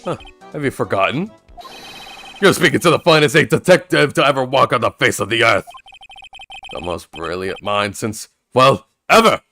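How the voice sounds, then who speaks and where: Brief: a man playing a vain, showy game detective who loves his own brilliance, medium pitch. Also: expressive, normal speed, sharp tone, faint music behind. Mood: boastful. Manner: grandiose, self-admiring, theatrical. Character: pompous grandstanding male detective, middle-aged.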